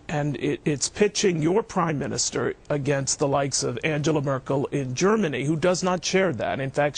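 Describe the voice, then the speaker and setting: A man's voice: a little high, creaky, breathy edge. A man hosting a TV interview, asking questions in a chatty, wry way and repeating words as he starts. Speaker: TV news host.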